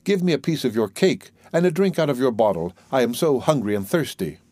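A man's voice: mid-range voice, animated, a little fast, warm tone, dry recording, natural voice. A little gray-haired old man from a fairy tale, magical and beseeching, as a man reads him. The sound is dry and close.

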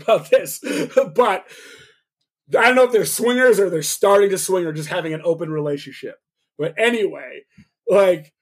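A young man with a slightly raised voice tells a story on a podcast, lively and full of cursing. He acts out what others said as he goes, in a loose, casual way. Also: fairly high pitch. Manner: animated, profane, acts out quotes. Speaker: podcast co-host.

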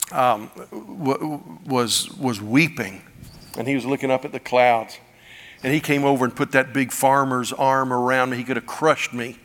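A male pastor preaching a sermon, telling stories with folksy humor and animated delivery. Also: mid-range voice. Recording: long hall reverb.

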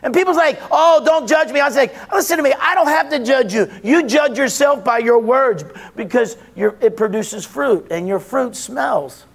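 Male preacher with a very high voice, emphatic, repetitive, call-and-answer delivery. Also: expressive, moderate pace, gravelly, hardly any pauses. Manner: emphatic, rising to shouts, then dropping low; repeats phrases, asks and answers his own questions. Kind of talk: sermon.

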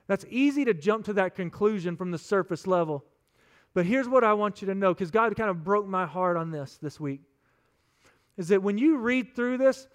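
A male pastor preaching a sermon in an earnest, conversational way. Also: very high voice.

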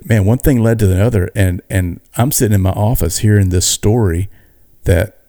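A man co-hosting a podcast, telling a story in a casual, animated way with many restarts. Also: fairly low pitch, normal speed, dry recording, studio quality. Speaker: podcast co-host. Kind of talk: casual chat.

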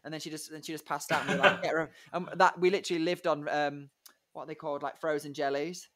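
A man's voice: on the high side, flat delivery, fast, a bit bright. A young man, a musical theatre performer chatting casually in an interview, rambling and giggly with lots of fillers.

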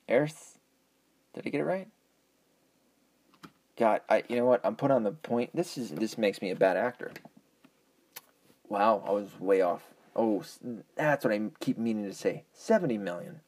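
Husky, profane ranting man. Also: mid-range voice, animated, moderate pace, darkish tone. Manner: profane, rambling, argumentative. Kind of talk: casual ranting monologue.

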